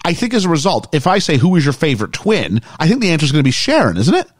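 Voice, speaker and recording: A man co-hosts a casual film podcast, talking in an animated, jokey way and slipping into bits of dialogue. His pitch swings widely, and the recording is close and dry. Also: rapid-fire, dry recording. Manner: animated, jokey, acts out lines. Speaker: podcast co-host.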